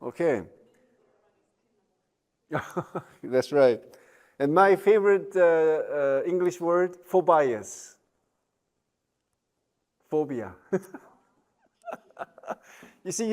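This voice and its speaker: A man's voice: fairly high pitch, animated, takes it slowly, long pauses, a little mellow. A man giving a recorded university lecture, chatty, with joking asides, many fillers and tag questions.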